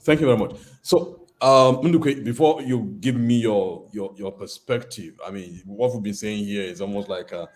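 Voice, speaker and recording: A man's voice: on the low side, normal speed, hardly any pauses, a little mellow. A man moderating a webinar panel on a video call, chatting and passing questions to guests.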